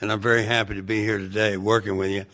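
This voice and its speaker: A male actor as a podcast guest, telling rambling, excitable anecdotes and breaking into loud laughs. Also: on the low side, quick pace.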